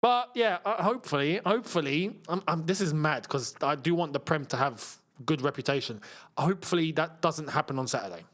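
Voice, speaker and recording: A man's voice: a little high, lively intonation, a little fast, fairly bright tone. A man hosting a live football watchalong, chatting casually and joking with frequent laughter. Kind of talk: casual live match commentary.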